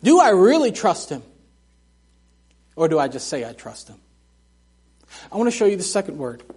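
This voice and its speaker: A middle-aged man preaching a sermon in a church, telling folksy, humorous stories in an animated way. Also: high-pitched, moderate pace, husky. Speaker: missionary preacher. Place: church sanctuary.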